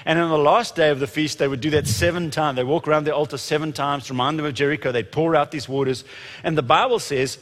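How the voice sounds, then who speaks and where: A man delivering a lively sermon, his voice sitting a little high for a man. He stumbles and restarts, then surges into loud emphatic stretches. The sound carries a long reverb, as from a large hall. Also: fast. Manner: animated, rising to shouts when quoting, frequent restarts. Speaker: preacher.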